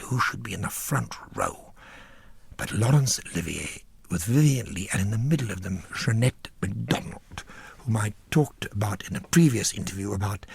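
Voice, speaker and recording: Older male actor, gravelly and a bit husky, spinning theatrical stage anecdotes with flair. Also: on the low side, dry recording. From South Africa. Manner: animated, theatrical storyteller with flamboyant asides. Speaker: actor telling theatre stories. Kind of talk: theatrical anecdote in a radio interview.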